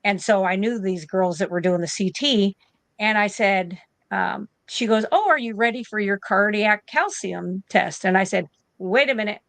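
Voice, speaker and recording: A woman's voice: medium pitch, normal speed, vocal fry, dry recording. A woman in her fifties tells a personal story as a guest on an interview show, acting out what she and others said. Her voice sits in the middle range. The sound is dry and close. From United States. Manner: animated, acts out both sides of conversations. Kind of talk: casual storytelling.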